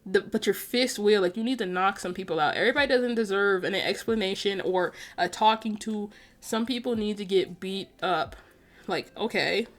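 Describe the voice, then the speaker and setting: A woman's voice: medium pitch, normal speed. A young woman vlogging in loose, rambling chat. She talks to viewers as if to a friend, piling up filler words and sounding exasperated. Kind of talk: casual chat over gameplay.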